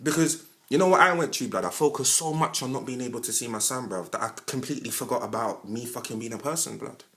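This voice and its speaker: A man with a London accent, giving a passionate monologue as a podcast host, speaking straight to the listener with plenty of slang and sudden loud bursts. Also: fast. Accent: London English. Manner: animated, switches between loud outbursts and low asides; heavy London slang, addresses listener directly. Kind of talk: impassioned monologue.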